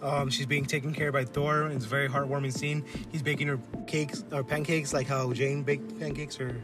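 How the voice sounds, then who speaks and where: A man's voice: medium pitch, flat delivery, brisk, music in the background. A man co-hosting a casual podcast, retelling movie scenes and acting out lines, laughing and swearing as he goes. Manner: laughs often, acts out scenes in quoted voices. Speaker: podcast co-host. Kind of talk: casual chat, movie review. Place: collectibles shop.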